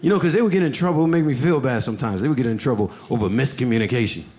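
A man doing stand-up comedy, telling stories and acting out characters with big jumps in pitch, on a comedy club stage. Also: very fast, a little mellow.

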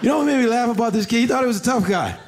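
A man doing stand-up comedy, telling stories and acting out characters with big jumps in pitch, on a comedy club stage. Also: lively intonation, very fast, very noisy.

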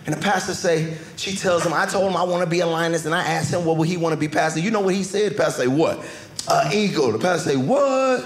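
A man doing stand-up, acting out both sides of a quarrel with big jumps up in pitch. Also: fast talker. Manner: acts out both sides of an argument, jumping high in pitch. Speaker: stand-up comedian. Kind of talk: stand-up storytelling. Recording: echoey room with loud background noise.

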